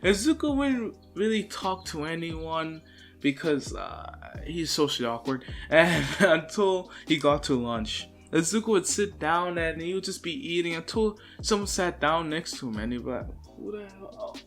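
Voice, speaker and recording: A man's voice: a little high, animated, normal speed, fairly bright tone, soft background music. A young man casually narrating a fan story, rambling and giggly. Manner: rambling, giggly, self-conscious. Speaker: video storyteller.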